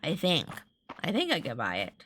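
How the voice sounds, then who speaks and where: A woman's voice: deep voice, wildly swooping pitch, normal speed, fairly bright tone, slight background noise. A woman live-streaming a farming game, chatting to viewers in a rambling way and often restarting her sentences. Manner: talks to viewers and reads chat aloud. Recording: faint game music underneath.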